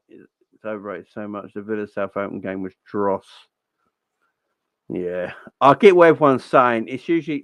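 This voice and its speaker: A young man hosts a casual football fan livestream, chatting away and shouting out viewers. His mid-range voice is smooth and the audio has no echo.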